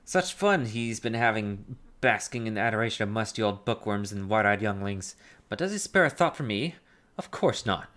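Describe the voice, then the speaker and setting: A man reading the lines of a vain, doting fey spirit in a drawn-out, sing-song way, voicing a game character while he plays. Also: lowish voice, animated, a bit bright. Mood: sulking.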